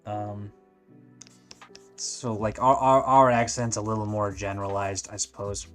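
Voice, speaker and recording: A lowish, a bit bright voice with flat delivery, unhurried, plays over soft background music. The speaker is an animation streamer from California, Californian accent and all, casually chatting as he draws and restarting often amid plenty of likes.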